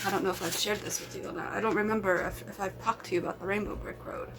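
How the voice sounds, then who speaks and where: A woman's voice: medium pitch, steady tone, quick pace, hardly any pauses, a bit bright, soft background music, low-quality recording. A woman vlogging in casual chat to camera, rambling and repeating herself.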